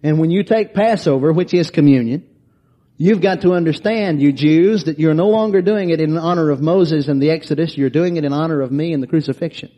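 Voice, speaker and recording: A man delivers a sermon in a somewhat high but warm, mellow voice. He reads long scripture passages aloud and stops to explain them verse by verse. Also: a little fast, dull audio. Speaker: preacher.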